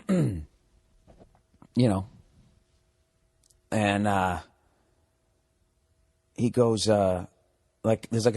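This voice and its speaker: A man's voice: fairly low pitch, no room sound, studio quality. A man hosting a podcast, telling a story in a profane, sarcastic way and acting out both sides of an argument. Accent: Boston. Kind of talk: casual storytelling monologue.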